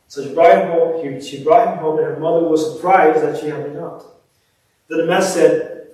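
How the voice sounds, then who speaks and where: Brief: male preacher, slightly high, warm and mellow, storytelling sermon, roomy and distant. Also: moderate pace. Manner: animated, swells up then drops to soft near-whispers. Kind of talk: sermon with scripture reading and storytelling. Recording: echoey church room, distant mic.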